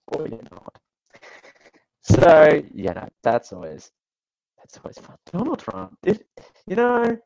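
A man's voice: medium pitch, gravelly, darkish tone, lo-fi sound. A man hosting a radio talk show, giving casual political commentary with wry, sarcastic asides.

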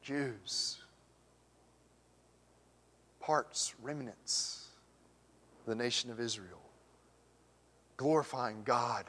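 Pastor preaching in a reverberant church. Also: male voice, medium pitch, very slow, long pauses, sharp tone. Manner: preaching with rising emphatic questions and dropping to near whispers. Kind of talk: sermon. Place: church sanctuary. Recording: long church hall reverb.

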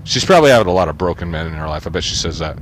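Low-voiced man ranting with sardonic swearing. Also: expressive, rapid-fire, slight background noise. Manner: crude and sardonic, cursing freely. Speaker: vlogger. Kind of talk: profane rambling monologue.

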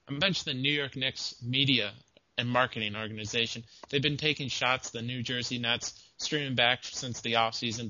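A young man in his twenties co-hosting a sports podcast, delivering dry deadpan lines. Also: mid-range voice, lo-fi sound, a little hiss or hum. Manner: dry, deadpan one-liners. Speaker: podcast co-host. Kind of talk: casual sports podcast banter.

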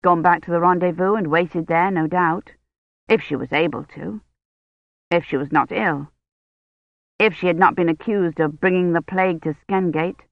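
An audiobook narrator reading a novel in a steady, measured way. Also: mid-range voice, no room sound. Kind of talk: scripted narration. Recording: slightly muffled dry studio read.

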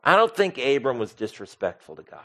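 A pastor preaches a sermon expressively, swinging from soft to loud and asking the congregation questions. His mid-range voice moves fairly quickly.

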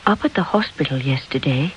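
A reader voicing a timid, anxious middle-aged spinster who speaks softly and hesitantly, in a slightly dull lo-fi recording. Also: medium pitch, expressive, a little fast, slight background noise, close to an everyday voice. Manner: soft, hesitant.

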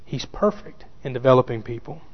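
A pastor delivers a sermon in a medium-pitched, expressive voice, speaking a little fast. He repeats key phrases for emphasis and addresses his listeners directly. The church recording sounds dull, with long reverb.

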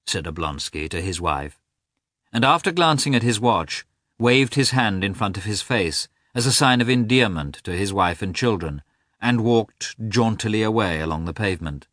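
A man narrating a novel aloud as an audiobook reader, with expressive storytelling. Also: deep voice, normal speed, no room sound, clean studio sound. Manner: expressive storytelling, varied delivery. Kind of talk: scripted narration.

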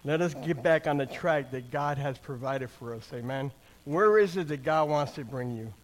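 Medium in pitch and moderate in pace, an older man shares his testimony through a plain-spoken, conversational sermon. He frequently starts phrases over and keeps checking in with the crowd, asking "amen?" and "right?"

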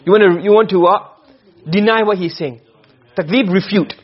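A man's voice: high voice, normal speed, breathy edge, dull audio. A man teaching a class, lecturing and explaining points by asking his students questions. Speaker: Arabic rhetoric teacher.

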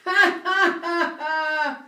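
Slow, high-voiced woman preaching in a hall. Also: steady tone, pushed and bright. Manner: slow, emphatic, repeats phrases for the interpreter. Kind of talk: sermon with live interpreter. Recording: echoey hall, distant mic.

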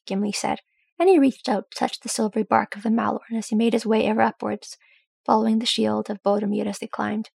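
Husky, gravelly woman narrating a story. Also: medium pitch, little pitch movement, brisk, a little mellow, dry recording. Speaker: audiobook narrator.

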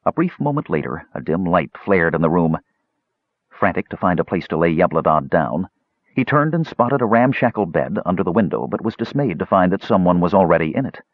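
A man narrating a fantasy story in a dramatic, expressive reading. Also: sits low, fairly quick, no echo, phone-quality sound. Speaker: audiobook narrator.

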